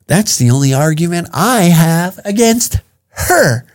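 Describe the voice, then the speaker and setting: Crude swearing podcast guy, ranting and roasting himself, kinda high voice. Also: sing-song, a little slow. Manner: crude, profane, self-mocking. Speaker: podcast host. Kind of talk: comedic rant.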